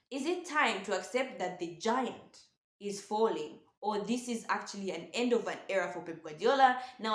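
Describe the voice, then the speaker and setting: An opinionated woman talks football straight to her viewers, making her predictions in a relaxed, chatty way. She keeps calling out to her audience as ladies and gentlemen. Her voice carries a roomy echo, and her pitch sits in the middle for a woman. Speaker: football pundit host. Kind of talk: casual football commentary to camera.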